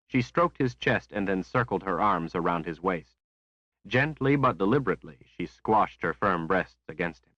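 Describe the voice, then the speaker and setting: A man narrating a fantasy audiobook in a measured, even storytelling manner. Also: deep voice, no echo, muffled recording. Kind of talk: scripted narration.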